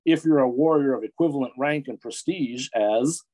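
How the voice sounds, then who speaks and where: Calm smiling middle aged stranger, soft and soothing, storybook, a man reading him. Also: mid-range voice, moderate pace, close to an everyday voice. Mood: explaining. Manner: soothing, gentle.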